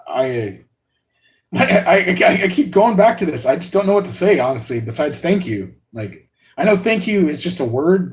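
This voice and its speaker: A man hosting a live unboxing stream, talking excitedly and rambling with many restarts and laughs. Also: mid-range voice. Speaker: RC hobby channel host.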